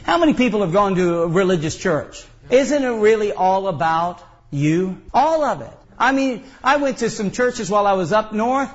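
Male pastor, high tenor, emphatic folksy sermon, dull lo-fi recording. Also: lively intonation, moderate pace, few pauses. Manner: folksy, emphatic preaching with rising outbursts.

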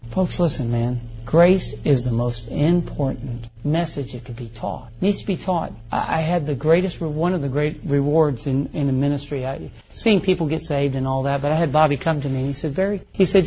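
A man's voice: a little high, normal speed, hardly any pauses, dark tone, breathy edge. A middle-aged male pastor preaching a folksy, conversational sermon full of rhetorical questions. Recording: muffled lo-fi recording.

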